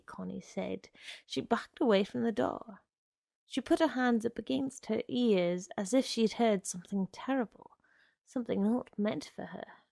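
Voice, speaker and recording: A woman giving a measured, deliberate literary reading of a short story. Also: a little high, vocal fry, warm tone, no echo, clean studio sound.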